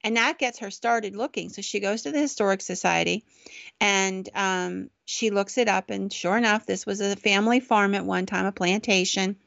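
A woman's voice: mid-range voice, gravelly, a bit bright, dry recording. A woman podcast host casually telling a ghost story in a chatty, conversational way, on a dull, dry recording.

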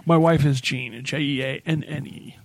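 A man's voice: mid-range voice, fairly even intonation, moderate pace, gravelly, no echo. A man co-hosting a podcast, chatting casually and rambling through anecdotes. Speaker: podcast co-host. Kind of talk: casual chat.

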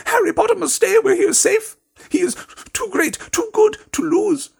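A man voicing an anxious, frantic male house elf in a high, squeaky, pleading voice. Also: moderate pace, vocal fry, exaggerated voice.

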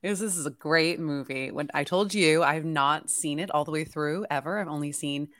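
A woman co-hosting a casual podcast, her voice notably low in pitch. She chats in an easygoing way and laughs often. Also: a little fast, fairly bright tone, no echo. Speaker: podcast co-host. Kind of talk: casual chat.

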